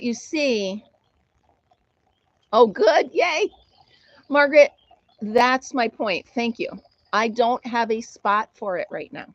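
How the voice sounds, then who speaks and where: Middle-aged American woman, live-stream host; chatty and giggly, slightly high voice, muffled dry audio. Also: no echo. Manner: giggly, laughs often while telling a story. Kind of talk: casual chat reading viewer comments.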